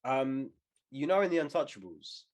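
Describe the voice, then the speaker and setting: A man's voice: mid-range voice, big pitch swings, moderate pace. A young man co-hosting a podcast in casual chat, rambling and swearing with jokey asides. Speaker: podcast co-host.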